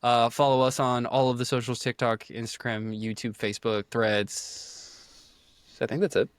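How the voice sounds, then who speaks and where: A man's voice: medium pitch, little pitch movement, normal speed, clear, resonant tone, no echo. Man, from Maryland, podcast co-host, casual rambling chat, dry close sound. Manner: rambling, trails off mid-sentence.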